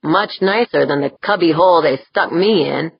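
A woman's voice: sits low, normal speed, creaky, slightly rough, no room sound, muffled recording, full character voice. A woman doing a cocky, leering young engineer. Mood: teasing. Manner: brash, teasing.

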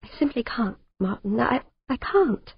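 A woman's voice: on the high side, lively intonation, normal speed, husky, no echo, voice pushed up. A woman reading an audiobook, voicing a distressed young woman who pleads and breaks off mid-sentence, on a dull, dry recording. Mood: pleading.

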